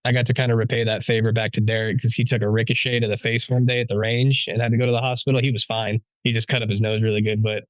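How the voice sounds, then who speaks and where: A police officer guest telling a story in a casual podcast chat, rambling with many fillers and a wry sense of humor. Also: male voice, medium pitch, level tone, fast, few pauses, dry recording, dull audio.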